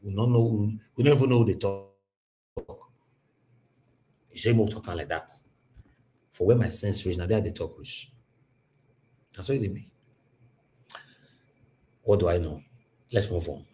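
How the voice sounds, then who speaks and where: A man's voice: on the low side, moderate pace, pauses often. Emphatic Nigerian man hosting. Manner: emphatic, repetitive, mixes in pidgin. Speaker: live stream host. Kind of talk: casual live-stream monologue.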